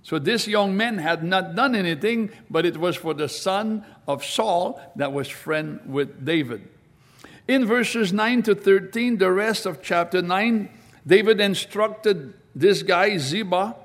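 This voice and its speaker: A man preaching a sermon, reading scripture aloud and explaining it slowly and deliberately. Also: high voice.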